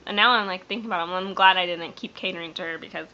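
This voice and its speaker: A young woman speaks to camera in a bright, sharp voice, near tears as she rambles through a personal story. Her talk is full of fillers, restarts and breaks. The sound is dull and lo-fi, as from a webcam. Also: medium pitch, animated, very fast, few pauses. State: teary, near crying. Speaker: vlogger.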